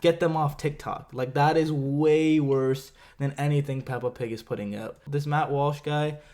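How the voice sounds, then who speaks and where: A man talks over a clip in casual YouTube reaction commentary. His voice sits a little high for a man. He is sarcastic and quick to laugh, and he swears freely. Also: steady tone, dark tone.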